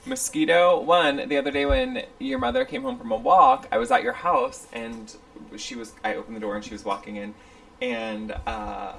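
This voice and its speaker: A woman's voice: fairly low pitch, sing-song, moderate pace, creaky. A woman co-hosting a casual podcast, sassy and teasing, tossing out playful swears. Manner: sassy, calls people "bitch" playfully. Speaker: podcast co-host. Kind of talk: casual chat. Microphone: studio microphone.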